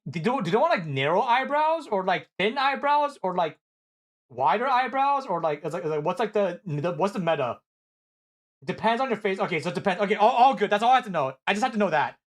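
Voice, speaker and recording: With a high voice, a young man whose first language is Korean livestreams, casually reacting to viewer messages. He's excitable and apologetic, swears a good deal, and often laughs and starts his sentences over.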